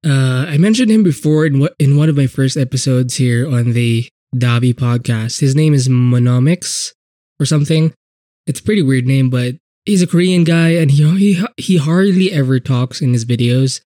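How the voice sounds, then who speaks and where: A man talking casually on his own podcast, with a mellow, darker tone and a blocked nose. He rambles loosely, swears often, and fills gaps with "like" and "kind of". The sound is dry and close. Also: medium pitch, moderate pace, no room sound. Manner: rambling, profane, lots of fillers. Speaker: podcast host. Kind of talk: casual solo podcast talk.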